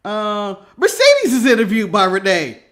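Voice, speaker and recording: A man's voice: high-pitched, huge pitch swings, unhurried, fairly bright tone. An American man co-hosting a casual wrestling recap, laughing often and talking with lots of energy as he goes through his notes. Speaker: podcast co-host.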